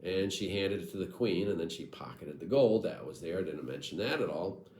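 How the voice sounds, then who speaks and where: A man's voice: sits low, animated, fairly quick, darkish tone, roomy sound, rough recording. A man telling a comic folk tale with wry, irreverent asides to his audience. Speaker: storyteller.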